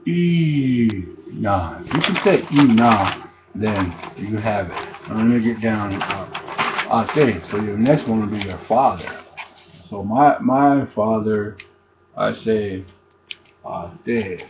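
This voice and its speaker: A man giving a casual language lesson, halting and repeating each word slowly for learners. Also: lowish voice. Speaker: language teacher. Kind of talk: informal recorded language lesson. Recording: dull lo-fi recording, faint noise.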